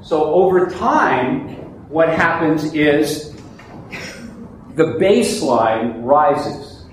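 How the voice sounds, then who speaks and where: Male meditation teacher, calm explainer, slightly raised pitch; very reverberant room, light background noise. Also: extremely slow. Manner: calm, explanatory, with frequent restarts. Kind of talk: teaching a mindfulness class. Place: classroom or meditation hall. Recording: very echoey room, faint noise.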